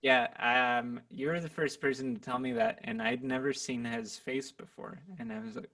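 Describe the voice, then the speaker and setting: A man in his twenties, a musician and podcast guest, chatting in a relaxed, rambling way from his home recording room. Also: medium pitch, moderate pace, gravelly, few pauses. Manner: relaxed, rambling, laughs easily. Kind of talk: casual podcast chat.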